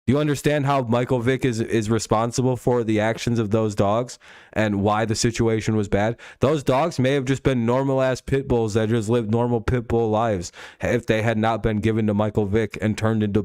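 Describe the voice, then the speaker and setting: A man's voice: fairly low pitch, darkish tone, clean tone, no room sound, studio quality. A young man hosting a casual talk stream, arguing heatedly with profanity and lots of repetition and restarts. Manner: argumentative, profane, repeats himself. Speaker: host.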